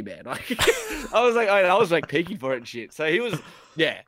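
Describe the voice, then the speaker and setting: Young male podcast co-host, casual and animated storyteller, dry close sound. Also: fairly high pitch, fast, no room sound. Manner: animated, swears a lot, acts out quotes.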